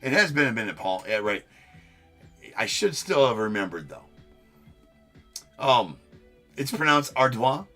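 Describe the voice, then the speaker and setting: Hosting a live card break, this young man speaks a little slowly and pauses often over soft background music. He chats casually with viewers, pokes fun at himself, swears occasionally, and his pitch rises sharply when he's excited.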